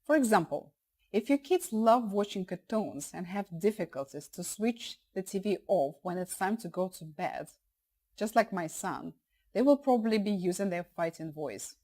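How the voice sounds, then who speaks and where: A woman who is a parenting instructor, narrating a course in a calm, explanatory way and stressing key points. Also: medium pitch, normal speed, poor audio.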